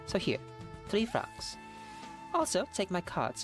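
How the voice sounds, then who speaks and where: A woman voicing a formal, courteous woman in a fan game dub, speaking softly and in a measured way. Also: mid-range voice, huge pitch swings, music in the background. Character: poised, courteous woman client paying a cab fare.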